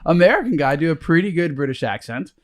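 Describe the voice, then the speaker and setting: A man's voice: on the high side, sing-song, fast talker. A young man co-hosting a podcast in casual chat, laid-back and rambling, swearing now and then. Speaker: podcast co-host.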